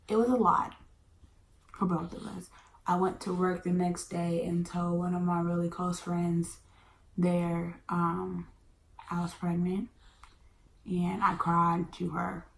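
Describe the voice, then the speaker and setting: A woman's voice: lowish voice, slow, gravelly, pauses often. A woman, telling a storytime in a casual chatty way, sometimes dropping to a whisper. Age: 20s. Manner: chatty, animated, drops into whispers. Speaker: vlogger. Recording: echoey room, faint background hum.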